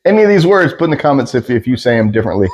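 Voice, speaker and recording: A man's voice: mid-range voice, very fast. A man from the Pacific Northwest with a general American accent, chatting casually with many fillers as he reacts to a video. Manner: relaxed, explains at length with many fillers. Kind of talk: casual commentary.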